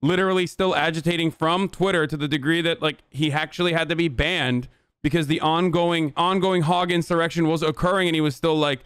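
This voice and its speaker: A man's voice: on the high side, fairly even intonation, brisk, a bit bright, smooth, no echo. A man in his thirties hosting a live stream, commenting in a sarcastic, profane and rambling way. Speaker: political streamer host.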